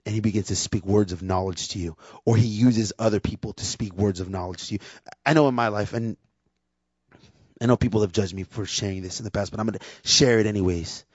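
A man with a fairly low voice delivers a sermon in a candid, conversational way, often acting out what people say. The recording is dull and lo-fi, with a close, dry sound and no room echo. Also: brisk, breathy edge. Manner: conversational, candid, acts out quotes in lively voices. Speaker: preacher and worship leader.

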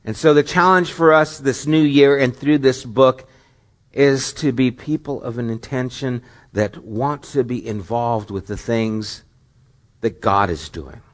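A man's voice: medium pitch, unhurried. A middle-aged male pastor delivering a sermon in a mid-range voice. He speaks earnestly and keeps posing questions, building to rising, emphatic stretches.

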